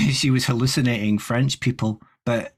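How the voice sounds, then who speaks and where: A man's voice: mid-range voice, steady tone, moderate pace, slightly rough. A man co-hosting a running podcast, chatting casually and rambling with many restarts. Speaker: podcast co-host. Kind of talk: casual chat.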